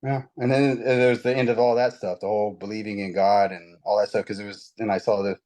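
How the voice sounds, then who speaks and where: Man, quick talker, rambling animated storytelling, casual spiritual chat, lots of restarts. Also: lowish voice, low-quality recording. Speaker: guest.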